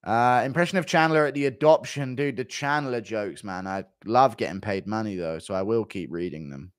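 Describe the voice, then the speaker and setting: A man's voice: on the low side, normal speed, no echo, studio quality. A young man livestreaming and reading out paid chat messages, laughing, swearing and acting mock-exasperated.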